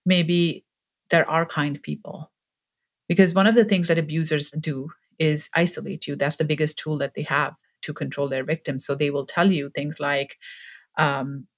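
Low-voiced earnest woman telling her story. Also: fairly even intonation, moderate pace. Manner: earnest, grows more emphatic and impassioned. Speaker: podcast guest. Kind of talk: personal storytelling in an interview.

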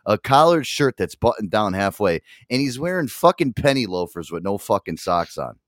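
Animated, swearing podcast co-host man. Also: on the low side, moderate pace, no echo, studio quality. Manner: animated storytelling, swears a lot, acts out quotes. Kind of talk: casual podcast chat.

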